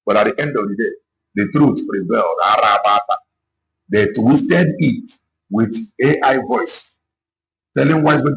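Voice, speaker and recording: Speaking unhurriedly in a lowish, creaky, slightly bright voice, a man gives a passionate political address as an activist. He moves between Igbo and English, repeating himself to exhort his audience, and the recording is rough.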